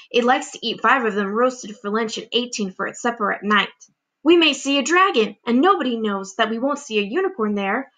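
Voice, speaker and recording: A cheeky, grinning centipede who shouts his rhymes with glee, as a woman reads him aloud. His storybook voice is high and bouncy, loud and sing-song, full of boastful excitement.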